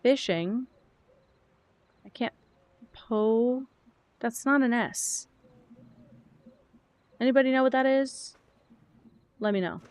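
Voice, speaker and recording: A woman's voice: fairly high pitch, takes it slowly, long pauses, a little mellow, dry recording. Chatty young woman streaming a game. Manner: chatty, rambling, thinks aloud, reads chat. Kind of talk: casual gaming stream chat.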